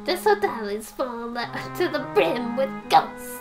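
A woman voicing an excitable elderly male scientist with a raspy, Italian-accented, hammy put-on voice. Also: fairly high pitch, slow, music in the background, heavily acted. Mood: urgent.

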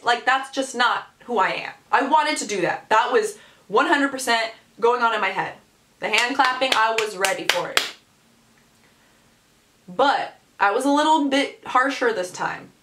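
A young woman vlogger telling a story, animated and exasperated, with lots of "like.". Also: on the high side, normal speed. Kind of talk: storytime vlog. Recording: echoey room.

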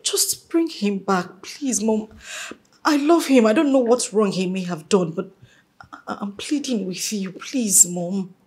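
A woman's voice: mid-range voice, unhurried, a little mellow, slightly rough. A young woman playing a headstrong daughter who argues and pleads emotionally. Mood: pleading. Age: young adult.

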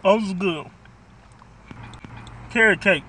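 A man's voice: high-pitched, slow pace, bright, forceful tone, slight background noise. A man doing a casual food review vlog from his car, talking bluntly and profanely as he rants about the food.

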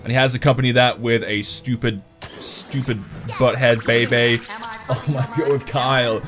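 A young man commenting on his own mobile game matches, excitable, swinging between hype and grumbling and swearing when things go wrong. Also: mid-range voice, fast talker. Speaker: gaming YouTuber. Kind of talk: gameplay commentary. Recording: faint music behind.

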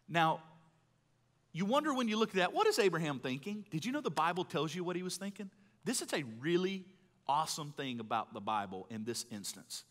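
A man preaches live to his congregation, his voice bright and fairly high. He tells folksy stories, swinging from loud bursts to hushed asides, and the hall rings with long reverb. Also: sing-song, a little fast. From Mississippi, US. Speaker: pastor. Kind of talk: sermon. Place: large church hall.

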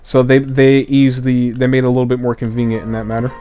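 A man hosts a video game playthrough over game music, talking fast in a warm but monotone, medium-pitched voice. His commentary is casual and rambling, with restarts and laughs.

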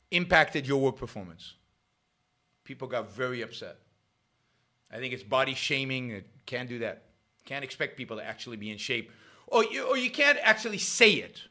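A middle-aged man hosting a show, talking in a sarcastic, animated commentary with frequent restarts. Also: medium pitch. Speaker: show host. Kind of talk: casual commentary monologue.

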